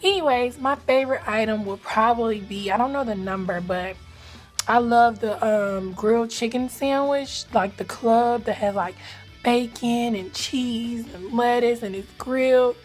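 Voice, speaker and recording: A young woman from Atlanta with a light Southern accent, chatting fast and casually to camera with lots of "like". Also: fairly high pitch, soft background music. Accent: Atlanta Southern American. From Atlanta, Georgia, US. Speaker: vlogger.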